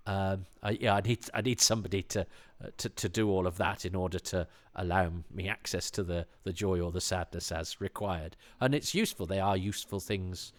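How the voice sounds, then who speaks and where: With a low, fairly even and quick delivery, an English man hosts a podcast solo. He chats casually, rambling, restarting often and throwing in eager asides.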